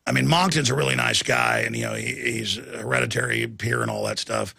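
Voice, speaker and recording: A man's voice: low voice, huge pitch swings, brisk, creaky, bright, forceful tone, no room sound. A man hosting a nightly news show, delivering indignant, digressive commentary as he rants.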